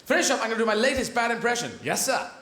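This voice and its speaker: A man's voice: very high-pitched, expressive, racing, background noise. A male stand-up comedian with a rambling, surreal delivery, on stage in a large theatre. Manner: rambling, surreal, self-interrupting. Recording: echoey theatre with loud audience laughter.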